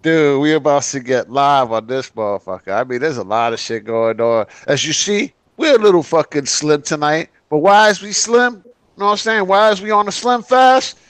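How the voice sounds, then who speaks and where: A man hosting a casual gaming podcast, talking loud and profane with lots of banter. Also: fairly high pitch, lively intonation, normal speed, clear, resonant tone, dry recording. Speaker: podcast host.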